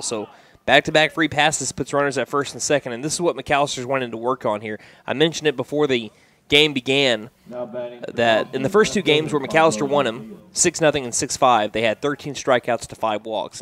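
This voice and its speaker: A man working the booth for a hometown high school baseball broadcast. His voice sits in an ordinary middle range and keeps a steady, chatty pace between pitches. It jumps up sharply when a batter strikes out or gets hit. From United States. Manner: steady conversational calls, rising sharply on big plays. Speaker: play-by-play radio announcer. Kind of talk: baseball play-by-play commentary.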